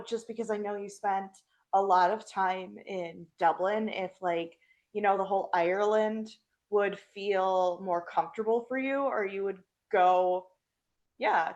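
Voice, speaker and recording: A woman's voice: medium pitch, darkish tone, muffled recording. Playful young woman podcast host. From Wisconsin. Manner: playful, teasing, laughs often. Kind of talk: casual chat.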